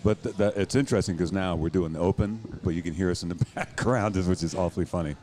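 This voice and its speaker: A man with a very deep voice hosts a relaxed beer podcast. He chats loosely with his co-host and guest and laughs easily between lines. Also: quick pace. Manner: laughs often, easygoing banter. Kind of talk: casual chat.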